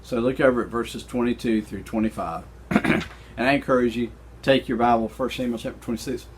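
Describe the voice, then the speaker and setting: A man teaching a recorded Bible study lesson, retelling scripture in an animated, conversational way with casual slang. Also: medium pitch, a little fast, slight background noise.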